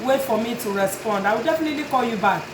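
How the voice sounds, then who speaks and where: A woman's voice: on the high side, animated, quick pace, reverberant, background noise. A woman who runs a notary business, speaking straight to her customers in an earnest, pleading but firm way. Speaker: notary and tag and title business owner. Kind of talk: direct-to-camera talk to customers.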